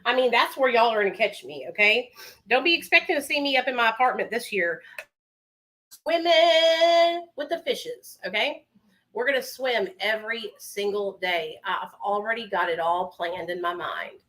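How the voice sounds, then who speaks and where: Bright chatty woman hosting a livestream. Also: mid-range voice, a little fast. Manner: chatty, calls viewers honey and baby. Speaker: livestream host. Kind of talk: casual live chat while doing makeup. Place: her home.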